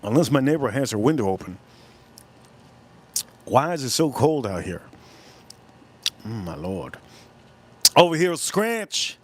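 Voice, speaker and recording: A man's voice: medium pitch, sing-song. Rambling Miami-accented man. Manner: rambling, drawn-out words. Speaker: live-stream host. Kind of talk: casual live-stream chat. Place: cold room at home.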